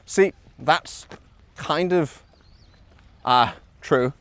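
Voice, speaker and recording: Speaking extremely slowly in a fairly bright, higher-pitched voice with no echo, this young livestreamer from Liverpool, England rambles through an early-morning outdoor stream in Osaka. He reads chat aloud, says um a lot, and addresses viewers as bro and man.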